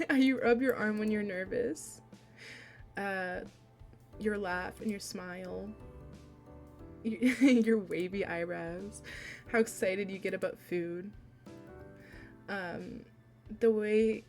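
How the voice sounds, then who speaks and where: A young woman streamer reading a romance visual novel aloud, soft and unhurried, with frequent fillers and light laughs. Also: mid-range voice, creaky.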